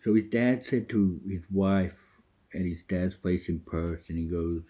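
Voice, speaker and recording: A man's voice: deep voice, a little slow, husky, muffled recording. A man talking about himself in the third person in a rambling, profane monologue. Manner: swears freely, drifts off topic. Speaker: vlogger.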